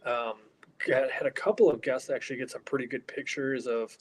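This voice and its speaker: Softly speaking man in an old building. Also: medium pitch, steady tone, fairly quick, poor audio. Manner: talks quietly, keeping his voice down. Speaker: caretaker of a haunted hospital. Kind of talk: casual interview. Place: inside an old hospital building. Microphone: earpiece headset.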